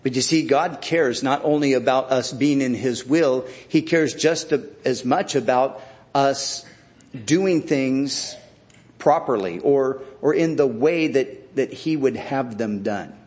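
A man preaching a sermon, speaking in a deliberate, reflective way with frequent restarts. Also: mid-range voice, a little mellow.

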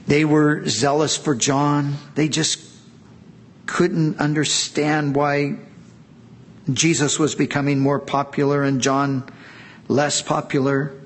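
A middle-aged man preaching a sermon, earnest and emphatic, drawing out key words with long pauses. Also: a little high, little pitch movement. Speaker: pastor.

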